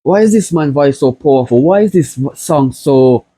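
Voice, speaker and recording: Young Jamaican reaction host, warm mellow tone, openly emotional, casual. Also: male voice, on the high side, animated, moderate pace, husky, no echo. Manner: emotional, keeps saying "bro".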